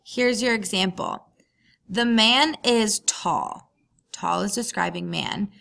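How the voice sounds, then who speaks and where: A woman's voice: mid-range voice, slow, gravelly, sharp tone. A woman teacher talking through a recorded grammar lesson, patient and explaining step by step.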